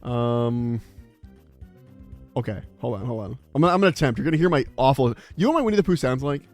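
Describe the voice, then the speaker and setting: A man's voice: mid-range voice, lively intonation, quick pace, faint music behind. A man chatting casually on a live stream, rambling with many fillers.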